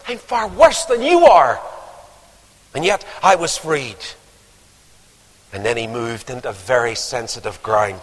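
A man preaching a sermon, telling stories with lively acted-out voices. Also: on the high side. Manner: animated storytelling, acting out voices. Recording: long hall reverb.

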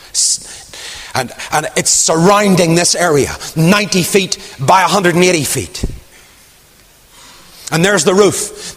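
Man, preacher, higher voice, dramatic swings from loud to hushed, long hall echo. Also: slightly rough. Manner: dramatic, swings from loud rising questions to hushed near-whispers. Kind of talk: sermon.

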